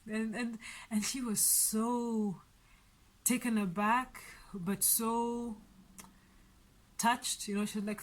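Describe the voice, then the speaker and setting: A woman's voice: fairly high pitch, fairly even intonation, slow, pauses often. A woman vlogger telling a story about her day in a chatty, rambling way, with frequent restarts and light laughs. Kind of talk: casual storytelling vlog.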